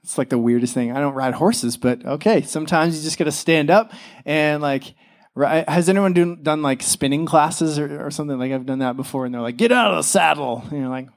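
A man's voice: a little high, fairly quick. A young man, a father, preaching a casual, chatty sermon, full of fillers and acted-out quotes. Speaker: pastor.

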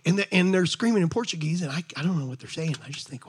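A middle-aged man preaching a sermon to a congregation in an animated, conversational way, talking straight to his listeners. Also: a little high, fast talker, slight background noise. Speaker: pastor. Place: church service before a congregation.

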